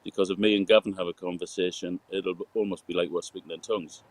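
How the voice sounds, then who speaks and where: Man, softened geordie accent, lowish voice, rambling storyteller, video call. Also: fairly even intonation, fast, a little hiss or hum, rough recording. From Newcastle, England. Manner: rambling storyteller, laughs and fillers. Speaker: guest, sound engineer. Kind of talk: casual chat interview.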